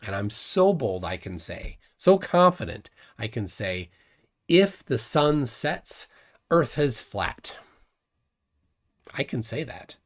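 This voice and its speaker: Male streamer, mid pitch, scornful and combative, stumbles and repeats words. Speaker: livestream host. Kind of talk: casual livestream debunking.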